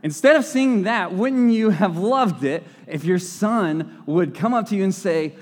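A man's voice: high-pitched, animated, a little slow, few pauses. A young man giving a casual sermon, talking conversationally with playful asides and frequent self-corrections. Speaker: lay preacher. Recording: long hall reverb.

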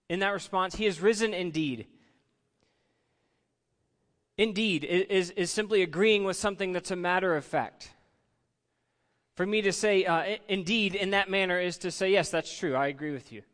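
A man's voice: high-pitched, fairly bright tone. A man preaching an Easter sermon in a conversational way, often repeating words as he searches for the phrase. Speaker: pastor. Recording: long hall reverb.

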